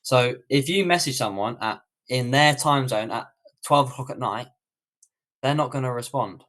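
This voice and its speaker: A man's voice: mid-range voice, moderate pace, fairly bright tone. Rambling British man coaching on a livestream. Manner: casual, rambling, many fillers and restarts. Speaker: online coach. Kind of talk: livestream Q&A tutorial.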